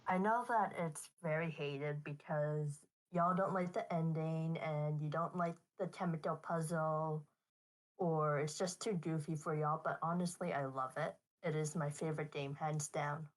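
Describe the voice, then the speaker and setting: Deep-voiced woman gushing about games in casual chat. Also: fairly even intonation, unhurried. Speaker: co-commentator.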